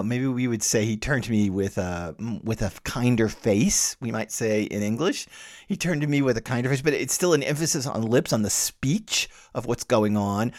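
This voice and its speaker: A man hosting a podcast, giving a lecture-style close reading with lively emphasis and wry laughs. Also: on the low side, dry recording. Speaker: podcast host and literature teacher.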